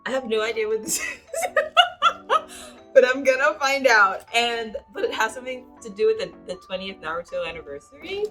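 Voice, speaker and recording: A woman vlogging an unboxing, excitable and giggly, talking to herself as she opens gifts. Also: on the high side, a little fast, soft background music. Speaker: manga YouTuber. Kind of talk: unboxing vlog, reading a card aloud.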